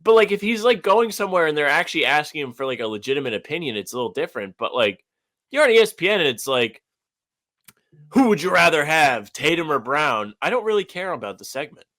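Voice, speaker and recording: A man's voice: fairly high pitch, sing-song, fast talker, bright, forceful tone. A young man co-hosting a podcast, chatting loosely with lots of "like" and restarts. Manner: loose, filler-heavy, lots of "like". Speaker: podcast co-host. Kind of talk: casual chat.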